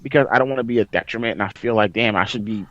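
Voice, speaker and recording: Excitable man retelling a game story. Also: fairly low pitch, very fast, no echo. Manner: excitable storyteller, reenacts with loud outbursts. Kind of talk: casual gaming story chat. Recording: dry, slightly dull sound.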